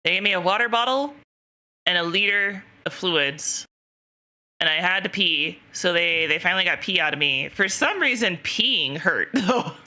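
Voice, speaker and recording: A woman's voice: on the low side, expressive, moderate pace, bright, forceful tone. A young woman streamer casually telling a rambling story to her chat, laughing often and quoting herself. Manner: giggly, rambling, lots of self-quoting.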